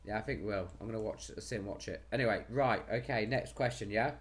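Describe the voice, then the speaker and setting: A man's voice: fairly low pitch, fast. A man hosting a casual live stream, chatty and cheerful, losing his voice. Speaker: host.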